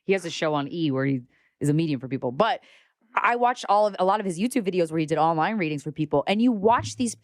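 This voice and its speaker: A young woman talks as a guest in a casual conversation, her voice sitting on the lower side. She is animated and outspoken, with a lot of casual swearing. The recording is dry and close. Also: fast, dry recording. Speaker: podcast guest.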